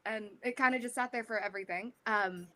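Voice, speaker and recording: A woman's voice: a little high, sharp tone, slight background noise. Giggly woman voice actor. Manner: giggly, bubbly. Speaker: voice actor on a panel. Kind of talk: convention panel Q&A.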